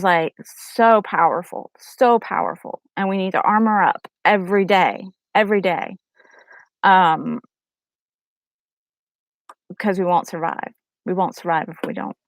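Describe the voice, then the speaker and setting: A woman's voice: fairly low pitch, no room sound, poor audio. A middle-aged woman vlogging casually about her faith, telling a story animatedly and urging her viewers earnestly. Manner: animated storyteller acting out quotes in raised voices. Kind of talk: casual testimony to camera.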